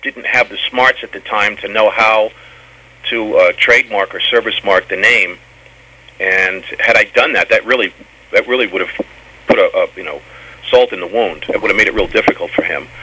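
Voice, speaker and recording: A man with a low, husky voice and a bright, forceful edge. He rambles through his memories, stammering and doubling back on his words as he answers an interviewer. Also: moderate pace, poor audio. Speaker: former band member guest. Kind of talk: storytelling interview.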